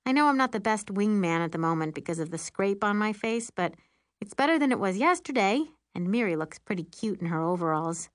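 A woman narrating an audiobook in first person as an excitable, meddling teenage girl with a wry, lively manner. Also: mid-range voice, brisk, no room sound, studio quality.

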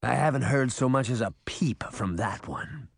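A man voicing a gruff, blunt male character who speaks flatly and dismissively. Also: mid-range voice, normal speed, no room sound, clean studio sound.

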